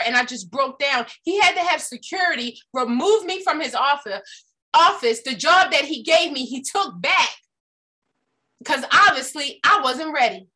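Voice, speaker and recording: A woman's voice: high voice, animated, a little slow, pushed and bright. A woman giving a motivational talk, emphatic and full of personal stories, often asking her audience questions. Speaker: motivational speaker.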